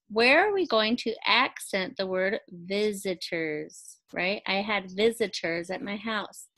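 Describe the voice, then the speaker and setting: A woman teacher giving a recorded phonics lesson to second graders, speaking slowly and clearly and pausing for imagined answers. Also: medium pitch, fairly bright tone, poor audio. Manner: slow, clearly enunciated teacher talk with pauses for imagined answers.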